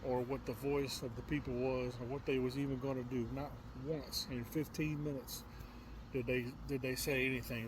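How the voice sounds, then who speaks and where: A man's voice: medium pitch, flat delivery. Guy ranting on his channel, keeps stumbling and repeating himself, traffic noise behind him. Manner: repetitive, halting, stumbles over words. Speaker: political commentary vlogger. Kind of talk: casual commentary.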